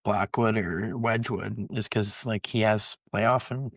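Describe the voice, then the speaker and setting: Gravelly young man chatting about hockey. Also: lowish voice, fairly even intonation, takes it slowly, fairly bright tone, no echo. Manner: loose, filler-heavy storytelling. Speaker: podcast co-host. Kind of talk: casual sports chat.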